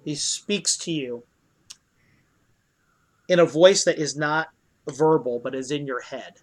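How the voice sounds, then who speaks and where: Halting game master narrating. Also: male voice, fairly high pitch. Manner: loose, halting narration with many fillers. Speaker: dungeon master.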